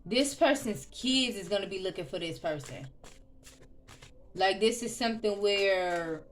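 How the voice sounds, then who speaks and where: A woman reads tarot cards in a relaxed, chatty way, thinking aloud and circling back on her words. Her voice sits at an ordinary middle pitch for a woman. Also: a little slow. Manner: chatty, loose, with frequent ums and restarts; soft murmured prayer. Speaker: tarot reader. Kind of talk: casual tarot reading.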